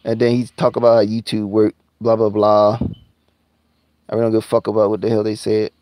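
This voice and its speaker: A man ranting angrily and profanely on his live stream, repeating himself and sometimes drawling words out slowly. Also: on the low side, monotone, a little mellow, dry recording. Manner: heated, profane, repetitive, drawling slowdowns. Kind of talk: angry conspiracy rant on a live stream.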